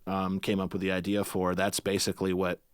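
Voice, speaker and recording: A man's voice: low voice, monotone, brisk, clean tone, no room sound, clean studio sound. A man talking casually as a podcast guest, easygoing and self-deprecating, often laughing between thoughts. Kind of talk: casual conversation.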